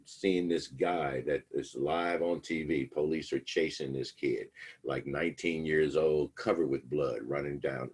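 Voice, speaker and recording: Man, very low husky voice, casual lecture, rambling storyteller, acts out quotes. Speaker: instructor. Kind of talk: casual lecture retelling a film plot.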